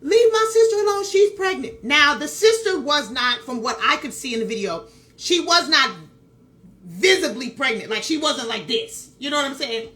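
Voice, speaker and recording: Woman, vlogger, casual storytelling, emphatic repetition, direct asides to viewers, bright high voice. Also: lively intonation, normal speed. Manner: emphatic, repeats phrases for effect; talks straight to viewers with asides.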